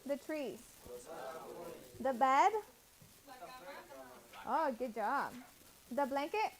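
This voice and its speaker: A woman's voice: high voice, animated, very slow. A woman teaching a classroom vocabulary lesson, patiently drilling words and correcting pronunciation. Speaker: Spanish teacher.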